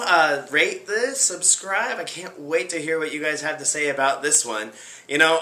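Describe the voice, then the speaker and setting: A man's voice: a little high, bright, forceful tone, reverberant. A male host who chats and signs off in a playful, teasing way. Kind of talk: casual comic chat and sign-off.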